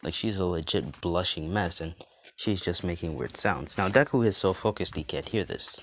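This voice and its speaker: Man, deep voice, casual storyteller, loose and rambling, lots of fillers. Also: normal speed, fairly bright tone, a little hiss or hum. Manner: rambling, many fillers and restarts. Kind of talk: casual fan-story retelling.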